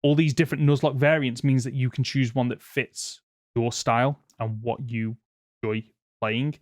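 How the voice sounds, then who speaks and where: A man's voice: mid-range voice, fairly even intonation, moderate pace, no echo, clean studio sound. A man hosting a podcast, making a casual argument with many restarts and fillers. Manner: rambling, restarts often, laughs easily. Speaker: podcast host. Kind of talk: casual debate.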